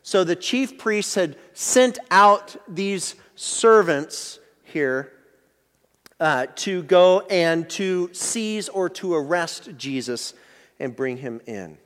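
A man with a high voice preaches a sermon in a hall with a long reverb. He talks through the passage in a relaxed, conversational way, often restarting his sentences. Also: slow pace. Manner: explanatory, conversational teaching with many restarts. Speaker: pastor.

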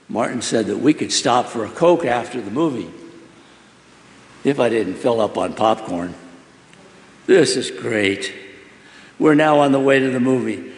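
A man's voice: medium pitch, expressive, normal speed. A man giving an emotional first-person testimony, earnest and pleading as he asks many questions. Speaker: storyteller. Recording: roomy hall with long reverb.

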